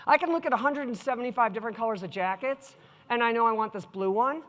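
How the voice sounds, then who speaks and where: A woman's voice: a little high, fast. Chatty woman speaking in an echoey hall. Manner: lively, chatty storytelling, engaging the audience. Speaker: keynote speaker. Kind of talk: live keynote talk.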